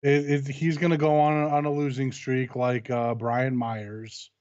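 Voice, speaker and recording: A man's voice: medium pitch, little pitch movement, measured pace, a little mellow, dry recording, muffled recording. A man co-hosting a live wrestling review stream, chatting casually and laughing a lot. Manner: laughs a lot, short agreeing replies. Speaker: wrestling show co-host.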